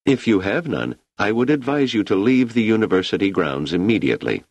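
A man reading as a middle-aged professor who speaks with formal authority. The voice is a touch higher than the reader's own deep tone, lively in pitch, and gravelly underneath. It is recorded dry and close. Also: a little fast, dry recording, full character voice. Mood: commanding.

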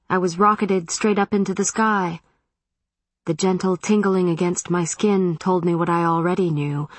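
A woman reading a first-person story aloud as an audiobook narrator, in a measured, steady way. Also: lowish voice, no room sound.

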